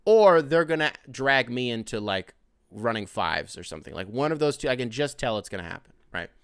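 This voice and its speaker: Casting note: young male host in his twenties, smooth clear voice, dry close sound, swears freely while rambling through a story. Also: mid-range voice, fairly quick, dry recording. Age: 20s. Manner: profane, rambling, animated retelling. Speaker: podcast host. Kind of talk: casual monologue storytelling.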